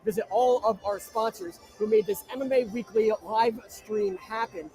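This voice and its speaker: A man from New Jersey hosting a live stream, rattling off viewer shout-outs with brash, crude jokes from inside an arena. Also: high-pitched, steady tone, normal speed. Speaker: livestream host. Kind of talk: live-stream chat reading viewer comments.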